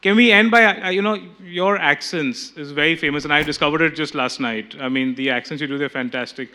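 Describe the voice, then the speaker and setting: A man's voice: fairly high pitch, brisk, sharp tone, clean tone. A man hosting a press event interview. He speaks chattily and enthusiastically, with rambling asides. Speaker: interviewer, host.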